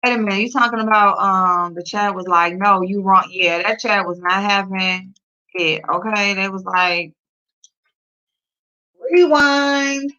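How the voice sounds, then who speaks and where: A woman hosting a casual livestream, reading the chat aloud and talking back at it and at her dog with loud laughs. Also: medium pitch, fairly even intonation, normal speed, clear, resonant tone. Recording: dull lo-fi sound.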